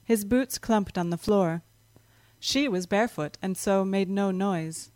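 A woman narrating a story in a calm, measured reading voice. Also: mid-range voice, no room sound.

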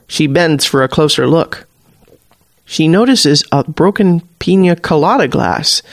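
A man's voice: fairly high pitch, dry recording, studio quality. Man reading a wry story aloud. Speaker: story reader. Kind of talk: scripted narration.

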